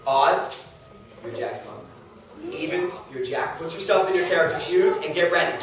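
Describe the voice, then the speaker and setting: A man teaching a class, giving brisk, directive instructions and reading a story aloud in a classroom. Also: on the high side, crowd noise. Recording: echoey classroom from far off.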